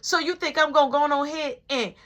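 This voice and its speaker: A woman's voice: medium pitch, animated, quick pace, bright, forceful tone. A woman voicing a strict, angry mother who scolds her son and repeats herself. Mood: furious.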